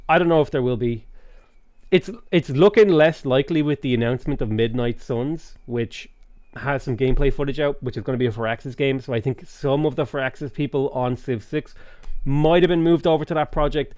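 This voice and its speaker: A man's voice: medium pitch, brisk, darkish tone, no echo. Irish male streamer, mid voice, loose rambling chat, dry close mic. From Ireland. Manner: rambling, swears freely, reads chat aloud. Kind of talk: casual chat while playing a strategy game.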